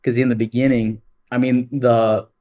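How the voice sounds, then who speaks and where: A man co-hosting a podcast, chatting excitedly about games, peppering his talk with "dude" and swearing. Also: mid-range voice, moderate pace, highs cut off. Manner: excited, profane, rambling with lots of "dude". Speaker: podcast co-host. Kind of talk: casual gaming chat.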